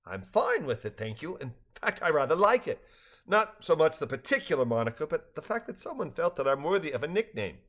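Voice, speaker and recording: A man as a gentle telepathic balloon creature. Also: on the high side, big pitch swings. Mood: earnest. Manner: earnest, measured storytelling.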